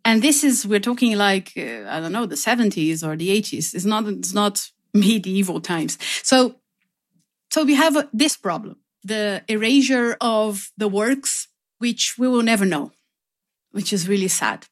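A woman's voice: medium pitch, measured pace. Emotional woman telling stories in an interview. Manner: emotional, animated storytelling. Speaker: guest. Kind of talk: radio interview.

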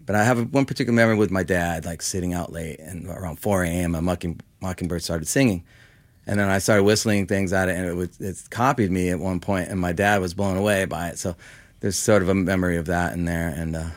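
A man's voice: low voice, fairly even intonation, a little fast, no echo. A man in his fifties from Los Angeles, a musician talking casually in an interview, rambling with lots of "like" and "you know.". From Los Angeles, California. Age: 50s. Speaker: musician guest.

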